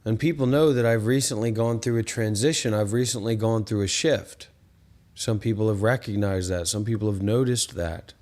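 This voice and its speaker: A man's voice: lowish voice, normal speed, a little mellow. A man hosting a meditation livestream who talks in a rambling, exasperated way and keeps asking rhetorical questions. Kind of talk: casual livestream talk.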